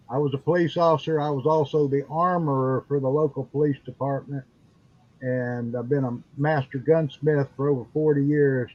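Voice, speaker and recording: Gruff older man, lecturing tone. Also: fairly high pitch. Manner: gruff, lecturing, plain-spoken. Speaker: caller, former police officer and gunsmith. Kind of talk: casual chat. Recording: dull lo-fi sound.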